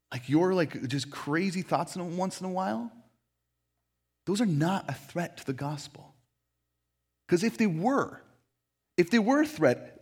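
A man's voice: a little high, darkish tone, husky. A man preaching a sermon as a pastor in a church, talking in a casual, conversational way with frequent fillers.

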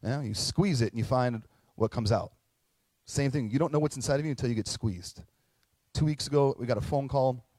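A middle-aged pastor delivers an earnest, conversational sermon, moving through stories and slipping into quoted voices, and at moments he tears up. His pitch sits in an ordinary middle range with a darkish tone. The recording is dry and close, with little room echo.

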